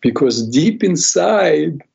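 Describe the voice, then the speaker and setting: Husky gravelly guy telling little stories, acts out the voices, kinda muffled lo-fi sound. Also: fairly high pitch, slow. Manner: animated storyteller who acts out quoted voices. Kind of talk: conversational teaching with stories. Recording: dull lo-fi recording.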